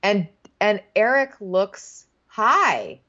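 A woman's voice: medium pitch, big pitch swings, extremely slow, bright, forceful tone. A woman co-hosting a casual recap chat, wry and chatty. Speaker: podcast co-host. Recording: dull lo-fi sound.

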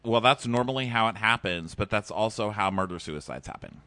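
A man's voice: fairly low pitch, a little fast, sharp tone, no room sound. A man co-hosting a podcast, recapping a reality show in a casual chat and acting out scenes in exaggerated voices. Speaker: podcast co-host.

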